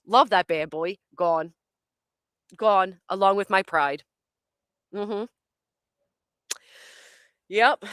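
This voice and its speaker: A woman spins a chaotic personal tale in a loose, casual way, dropping curses every few words and breaking into laughter as she goes. She acts out her own thoughts with dramatic flair. Her voice sits at an ordinary middle pitch and sounds dry and close, with no room echo. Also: fairly bright tone. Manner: blunt, swears constantly, laughs through her lines. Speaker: storyteller. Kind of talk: casual profane storytelling.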